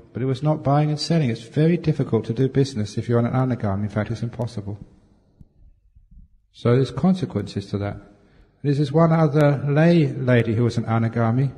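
A man's voice: mid-range voice, mellow. Playful man teaching in a reverberant hall. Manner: playful, jokey storytelling with chuckles. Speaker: Buddhist meditation teacher. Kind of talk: humorous dharma talk answering questions. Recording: long reverb from a large hall.

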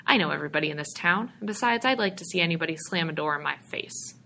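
A woman's voice: deep voice, animated, fast, creaky, bright, forceful tone, a little hiss or hum, heavily acted. A woman reading aloud, voicing a weary young male bank clerk who sounds bitter and scoffing, his voice rising.

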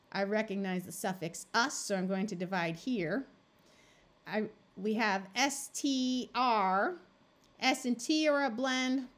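A woman tutor teaching a phonics lesson, explaining slowly and sounding out words syllable by syllable. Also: a little high. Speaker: reading tutor.

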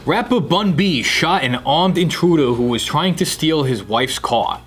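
A man's voice: fairly high pitch, animated, a little slow, background noise. A man co-hosting a comedy podcast, joking with puns while reading a news item. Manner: joking, punny. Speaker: co-host.

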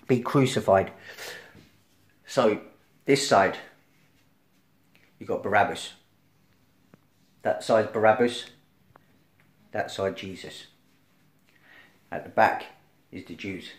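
A man preaching an informal sermon, talking to his listeners as if in conversation and checking in with "right?" again and again. He acts out the voices in the story and swings from loud, punchy emphasis to quiet, low lines. His voice sits in an ordinary middle pitch. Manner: conversational, keeps asking "right?", acts out crowd and Pilate.

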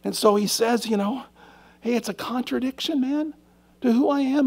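A male pastor delivers an earnest, emphatic sermon, pressing rhetorical questions on his congregation. His voice sits fairly high and is heavily gravelly with a husky edge. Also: normal speed, a little mellow.

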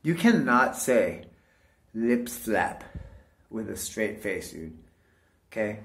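A man's voice: lowish voice, very animated, slow, gravelly. A man talking casually to his viewers in a rambling monologue, swearing often and calling everyone "dude". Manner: rambling, profane, keeps saying "dude". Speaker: vlogger.

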